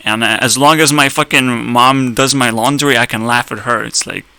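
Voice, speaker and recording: A man's voice: mid-range voice, steady tone, moderate pace, vocal fry, bright, forceful tone, smooth, dry recording, poor audio. A young man ranting in a blunt, sarcastic way, swearing often and laughing at his own jokes. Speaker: streamer. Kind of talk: profane ranting commentary.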